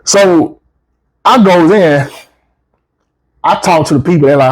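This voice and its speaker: A man with features, casually telling a travel story as a vlogger, swearing freely and jumping up in pitch when he quotes himself. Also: measured pace, pauses often, slightly rough. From United States. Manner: animated, profane, rises sharply when quoting himself.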